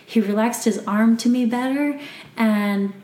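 A woman who works as a massage therapist, chatting casually and telling lively stories from work, acting out what people said. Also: a little high, unhurried. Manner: animated storyteller, acts out quotes. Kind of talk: casual podcast chat. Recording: echoey room.

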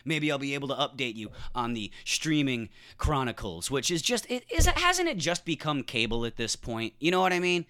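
A man's voice: medium pitch, sing-song, moderate pace, few pauses, bright, forceful tone. A man hosting a podcast, ranting casually with sarcastic, profane humor. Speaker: podcast host. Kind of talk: casual comedic rant.

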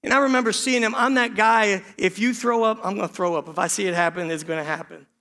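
A man's voice: high voice, fast talker, bright, forceful tone, long reverb tail. A middle-aged man preaching a sermon as pastor, earnest, with self-deprecating jokes and repeated calls of "church". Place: church sanctuary.

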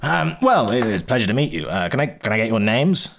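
A man's voice: medium pitch, sing-song, quick pace, creaky, fairly bright tone. A man voicing a huge, friendly, scatterbrained female tinkerer who stammers and forgets what she has said. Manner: chatty, stammering, laughs at own slips.

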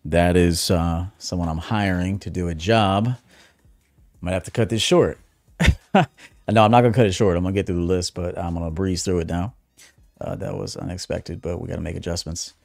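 A man's voice: steady tone, moderate pace, gravelly, no room sound. Blunt man, dry close sound. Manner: blunt, swings from low asides to loud emphatic bursts. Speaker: dating coach and livestream host. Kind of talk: casual livestream monologue.

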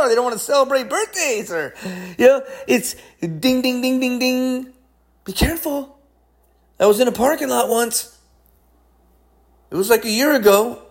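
A man preaching a sermon, emphatic, swinging between high excited lines and low hushed ones.

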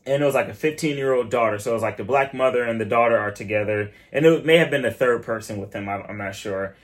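Man from Michigan telling animated stories. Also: mid-range voice, quick pace. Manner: animated storytelling with quoted voices. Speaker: podcast co-host. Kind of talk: casual chat.

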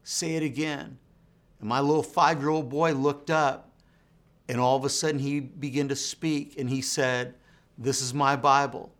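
A man with a Texan accent, a minister telling an emotional personal testimony in an earnest storytelling way, dropping to a hushed voice when quoting dialogue. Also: medium pitch, level tone, normal speed.

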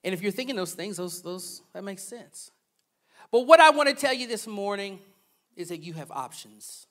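A male pastor preaching a sermon, animated, swinging from loud preaching to soft, playful asides. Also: high voice, moderate pace.

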